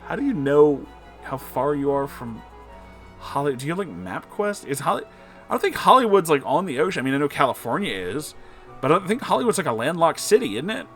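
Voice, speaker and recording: A man's voice: a little high, sing-song, fairly quick, fairly bright tone, soft background music. A young man reading fan fiction aloud with sarcastic, mumbled asides and casual swearing. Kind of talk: comedic dramatic reading with commentary.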